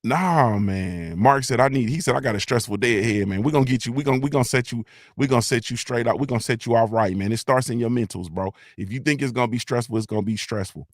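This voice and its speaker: A man's voice: mid-range voice, fast, no room sound, clean studio sound. A middle-aged man from Ohio, by way of Mississippi, hosting a casual live-stream morning show, rambling loosely, repeating "you feel me," and swearing freely.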